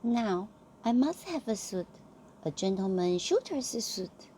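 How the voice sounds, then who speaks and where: A woman voicing an excitable young male lion who gushes over his food in a high, eager voice, reading a bedtime story. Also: takes it slowly, slight background noise. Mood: gushing, excited. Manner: squealing, gushing, high and eager.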